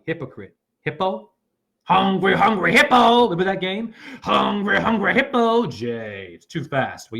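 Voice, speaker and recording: A man, a self-styled spiritual teacher, giving a rambling livestream monologue that swings between shouting and muttering, preachy and full of loose wordplay. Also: high-pitched.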